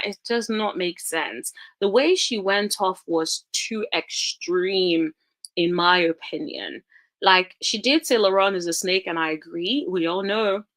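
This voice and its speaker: A young woman giving casual, rambling reality TV commentary, talking straight to her viewers with animated, dramatic exclamations. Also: lowish voice.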